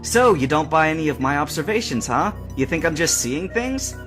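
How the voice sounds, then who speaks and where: A man reading a storybook voices a calm, observant teenage boy who questions coolly. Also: on the high side, normal speed, music in the background, voice pushed up. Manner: calm, probing, dry.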